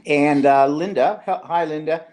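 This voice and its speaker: A man's voice: a little high, measured pace, a little mellow. A man from Canada, co-hosting a live online show in casual, teasing chat and reading viewer comments aloud.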